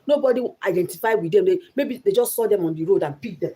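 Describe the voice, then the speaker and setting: A woman's voice: mid-range voice, lively intonation, fast, noisy background. A young Nigerian woman giving an earnest motivational talk about her life, repeating phrases for emphasis. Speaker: vlogger.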